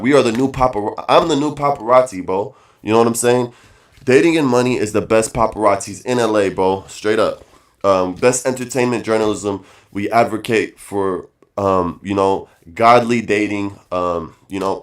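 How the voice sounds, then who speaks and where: A man streaming a casual rant, emphatic and repetitive, calling his viewers guys and bro, with fillers between points. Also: fairly low pitch. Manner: emphatic, repeats phrases, says bro and guys often.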